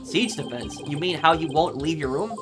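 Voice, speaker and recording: A woman's voice: low-pitched, expressive, normal speed, music in the background. A woman voicing an earnest young male rookie lawyer who answers in a hesitant, polite way. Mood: nervous.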